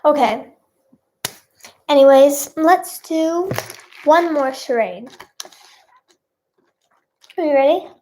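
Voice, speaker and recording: A woman with a high, bright-sounding voice hosts a playful live stream. She talks at an easy, unhurried pace and reads out her viewers' guesses with bubbly cheer. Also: expressive, slight background noise. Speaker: livestream host.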